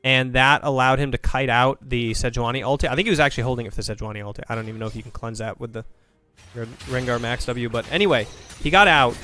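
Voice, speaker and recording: A man commentating a video game match, breaking plays down quickly and thinking aloud. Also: medium pitch, sharp tone, slight background noise. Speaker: esports caster. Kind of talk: play-by-play and analysis commentary.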